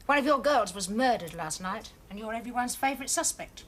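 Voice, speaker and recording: Actress playing a brisk, lively woman detective. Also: a little high, slight background noise, close to an everyday voice. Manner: brisk, dry and teasing. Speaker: police detective. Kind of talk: 1980s TV police drama acting. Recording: TV soundtrack with music behind.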